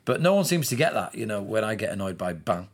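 Low-voiced man hosting a news podcast. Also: very animated, fast talker, husky. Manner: chatty, self-mocking, laughs easily. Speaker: podcast host. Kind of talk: casual news podcast chat.

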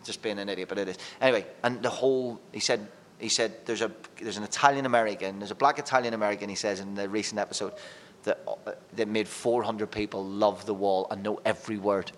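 A man, a radio presenter talking as a podcast guest, telling lively, rambling stories with casual swearing. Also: on the low side, fast, big-room sound. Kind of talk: casual chat.

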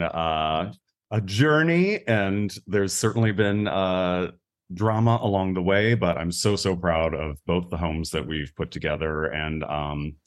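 A man from Minnesota, a podcast guest in casual chat, friendly and upbeat. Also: sits low.

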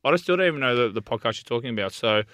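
A man's voice: mid-range voice, animated, very fast, pushed and bright, no echo. A man co-hosting a casual podcast, easygoing and blokey, laughing often. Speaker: podcast co-host.

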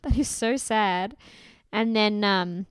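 A woman's voice: medium pitch, slow pace, smooth, no room sound, clean studio sound. A young adult woman, casually recapping a reality show, swearing freely and acting out what people said. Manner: swearing, animated retelling with quoted voices.

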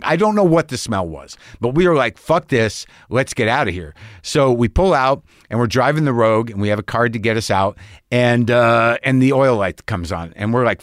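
With a mid-range voice recorded cleanly in the studio without echo, an older podcast host rambles through a story in a monologue. He sounds wryly exasperated and acts out both sides of the dialogue.

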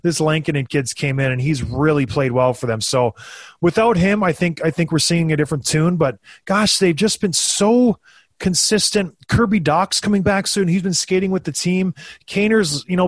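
A former hockey player in his thirties co-hosts a podcast, telling stories in a loose, animated chat at normal speed. His voice sits a bit high for a man and jumps up when he acts out what others said in a raised voice. The recording is close and dry, with no room around it.

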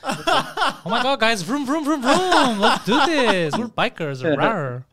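A man voicing a flamboyant, over-the-top theatrical male biker in a drawn-out, sing-song comedy voice. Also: very high-pitched, sing-song, pushed and bright, pitched above the performer's own voice, exaggerated voice.

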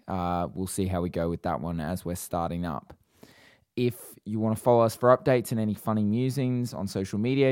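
A man co-hosting a podcast in casual chat, relaxed and explaining at length, and reading the show's sign-off. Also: deep voice, no room sound, studio quality. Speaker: podcast co-host.

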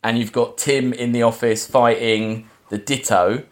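A man's voice: mid-range voice, steady tone, unhurried. Rambling man recapping a film. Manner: rambling plot recap full of fillers. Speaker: podcast host. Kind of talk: casual film chat.

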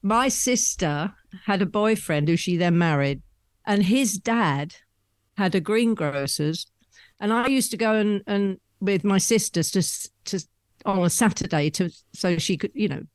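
A woman, a guest telling rambling stories about her past with soft laughs. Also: mid-range voice, unhurried, no echo, studio quality. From London, England. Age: 70s. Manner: chatty, rambling storyteller with frequent soft laughs. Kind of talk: conversational anecdotes.

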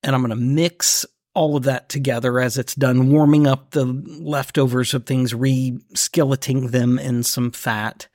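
A man with a Southern US accent co-hosting a casual podcast chat, with teasing, deadpan banter. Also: mid-range voice, measured pace, few pauses, no room sound, clean studio sound. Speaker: podcast co-host.

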